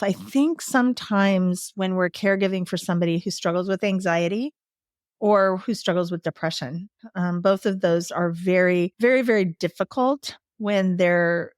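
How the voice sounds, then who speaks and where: A woman's voice: mid-range voice, normal speed, no room sound, studio quality. A woman in her sixties, a guest telling caregiving stories in casual conversation, laughing often as she talks. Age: 60s. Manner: lively storyteller, laughs often while talking.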